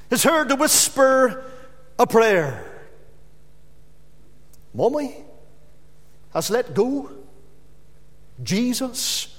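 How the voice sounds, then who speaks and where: A man preaching a sermon, stressing key words slowly and then dropping his voice to a hush. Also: sits high, long reverb tail. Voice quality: emphatic, with drawn-out stressed words and sudden drops to a hush.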